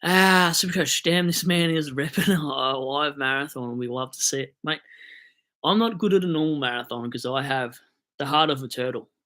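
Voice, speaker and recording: A young Australian man is on a casual live stream about fantasy football, rambling and joking while buzzing on coffee. His voice is medium in pitch and fairly bright, moving at a moderate pace.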